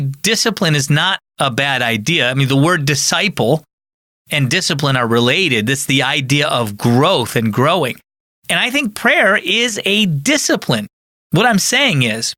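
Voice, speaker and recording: A pastor and podcast host gives a conversational teaching talk in a bright, forceful voice that sits a bit high for a man. He speaks earnestly and explains as he goes, in a close, dry sound with no room echo.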